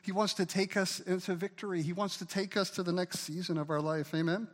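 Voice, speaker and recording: High-voiced pastor preaching in a reverberant hall. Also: male voice, fairly even intonation, fairly quick. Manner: emphatic preacher, calls for congregation to repeat words. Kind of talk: sermon.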